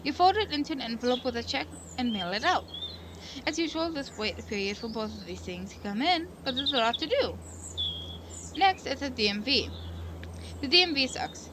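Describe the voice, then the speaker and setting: A game streamer plays through a visual novel, reading the narration aloud and drifting into sincere, meandering remarks full of self-corrections. Her voice is high and lively at a normal pace, with a noisy background behind her.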